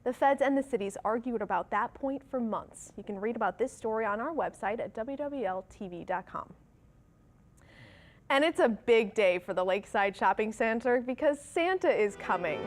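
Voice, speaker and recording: A woman from New Orleans anchoring a morning TV newscast, reading local stories and chatting playfully with her co-anchor. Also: fairly high pitch. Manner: bright, chatty, teasing. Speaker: TV news anchor. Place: TV news studio.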